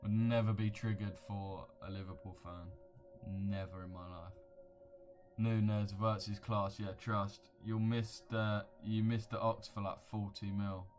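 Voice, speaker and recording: Slangy young man, low voice. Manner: slangy, blunt, opinionated banter. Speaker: livestream host. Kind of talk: casual livestream chat reacting to viewer comments.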